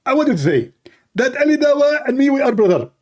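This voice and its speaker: Guy putting on a squeaky self-important preacher, sing-songy and preachy, jumps all over the place. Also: sing-song, brisk, a little mellow. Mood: insistent. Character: mocking caricature of a pompous male preacher.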